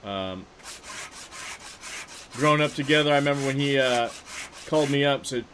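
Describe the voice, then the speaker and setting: Male streamer, mid-pitched, rambling anecdote with lots of fillers, faint noise. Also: normal speed, long pauses, a bit bright, rough recording. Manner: rambling, full of fillers and restarts. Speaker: game streamer. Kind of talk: casual storytelling while gaming.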